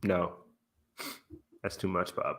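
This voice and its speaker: A man's voice: sits low, level tone, slow, fairly bright tone, a little hiss or hum. A man hosting a casual fan podcast, rambling with lots of fillers, laughing often and swearing casually. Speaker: podcast host.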